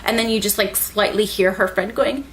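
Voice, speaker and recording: A young woman rambling excitedly through an anime recap, full of "like" and swearing. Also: mid-range voice, normal speed. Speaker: anime reviewer.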